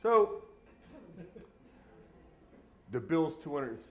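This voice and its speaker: Lively comic male storyteller. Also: fairly high pitch, very slow. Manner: animated, comic, self-mocking. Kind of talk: live storytelling performance.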